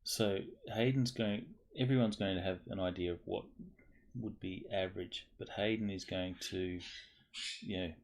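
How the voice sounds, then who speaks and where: A man playing in a tabletop role-playing game, laying out his character's plans in a halting, long-winded way. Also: low-pitched, steady tone. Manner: halting, explains plans at length. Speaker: player.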